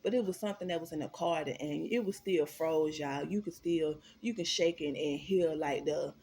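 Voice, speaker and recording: Animated, swearing woman telling a story. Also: low-pitched, moderate pace. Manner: animated, profane and emphatic. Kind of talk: storytime vlog.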